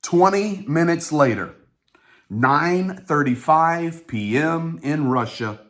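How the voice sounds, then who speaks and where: Animated male news commentator. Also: slow. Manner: animated, swings up in pitch for quotes; informal, talks to his audience. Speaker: host.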